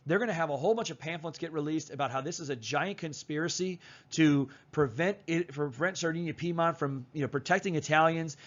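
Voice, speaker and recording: A man's voice: on the high side, a little fast, hardly any pauses, fairly bright tone, highs cut off. A man teaching a history lesson in a casual, chatty way, with slang and fillers. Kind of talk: casual recorded lecture.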